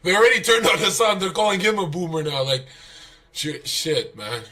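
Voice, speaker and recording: A man's voice: high voice, normal speed. A young man telling stories on a livestream, swearing, laughing and acting out what people said. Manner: profane, animated storytelling, laughs, acts out quotes. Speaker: streamer guest. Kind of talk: casual livestream chat.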